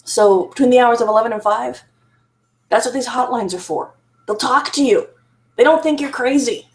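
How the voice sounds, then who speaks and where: A woman talks straight to the camera about hard things in her own life. She is frank and self-critical, her words come in halting restarts, and she laughs now and then. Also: a little high. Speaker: survivor sharing her story. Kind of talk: candid personal monologue to camera.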